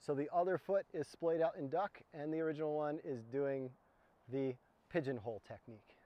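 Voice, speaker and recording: High-voiced man teaching on a snow slope. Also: fairly quick, muffled recording, heavy background noise. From United States. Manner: explains step by step while demonstrating. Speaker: mountaineering instructor. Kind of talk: outdoor skills demonstration.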